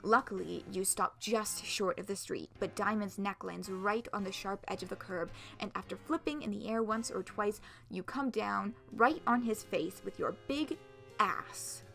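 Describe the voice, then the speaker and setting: A woman streamer reading a visual novel aloud, expressive, laughing often and swearing casually. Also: mid-range voice, measured pace, creaky, soft background music.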